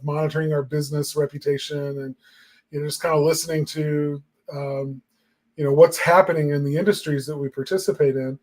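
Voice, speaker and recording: A man's voice: on the high side, darkish tone. A man co-hosting a marketing talk show, musing in casual chat with lots of fillers. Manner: reflective and rambling, many fillers.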